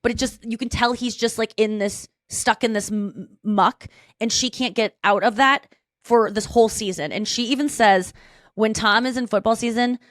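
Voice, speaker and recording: A woman's voice: fairly high pitch, moderate pace, dry recording, studio quality. A woman hosting a podcast, chatting casually and retelling a story in a rambling way, with plenty of restarts. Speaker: podcast host. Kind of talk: casual chat.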